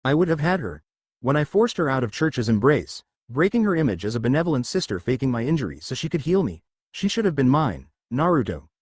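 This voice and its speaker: A man's voice: mid-range voice, sing-song, fairly quick, husky, no echo. A man voicing an enraged, scheming young male devil heir who bellows and screeches his lines. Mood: furious.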